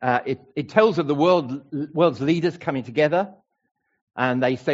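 A man's voice: a little high, moderate pace, muffled recording. A man preaching a sermon to a congregation, emphatic and playful. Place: church hall with a congregation.

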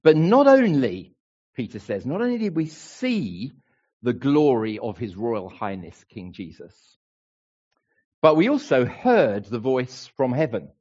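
A man's voice: medium pitch, big pitch swings, a little slow, darkish tone, husky, highs cut off. A man preaching a sermon to a congregation, emphatic and playful. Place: church hall with a congregation.

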